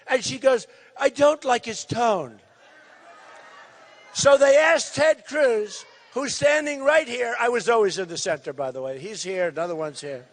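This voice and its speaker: Man in his 60s, political candidate, rally speech, very high-pitched, loud, emphatic, repetitive. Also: normal speed, hardly any pauses, big-room sound.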